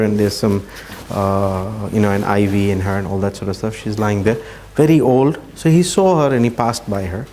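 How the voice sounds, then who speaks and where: Male preacher, low pitch, earnest storyteller in a lecture room, faint noise behind. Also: warm tone. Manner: earnest storyteller, slows for emphasis. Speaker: Islamic speaker. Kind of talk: religious talk with storytelling.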